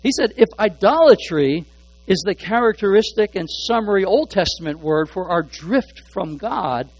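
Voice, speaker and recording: With faint music behind him, a man delivers a sermon from the pulpit in a high, light, animated voice. He stumbles, repeats little words while reaching for phrasing, and moves between emphatic stresses and near-murmured asides, all on a low-quality recording.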